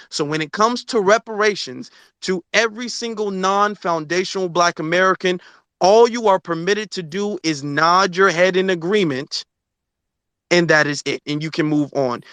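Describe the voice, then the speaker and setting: A man's voice: high voice, moderate pace, a bit bright, smooth, dry recording. A man hosting a live online audio discussion, arguing his point in an insistent, lecturing way into a phone mic. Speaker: host of a Twitter space discussion. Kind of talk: live audio room debate.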